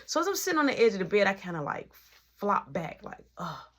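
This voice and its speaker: Woman storyteller, husky, lively pitch, animated storytime vlog. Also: fast talker. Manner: animated, dips into whispers.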